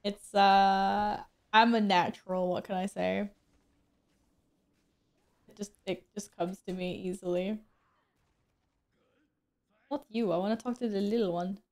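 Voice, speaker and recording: A woman's voice: mid-range voice, steady tone, unhurried, pauses often, darkish tone. A woman streaming a game, chatting casually with viewers, joking at her own expense and laughing often. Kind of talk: casual gameplay stream chat.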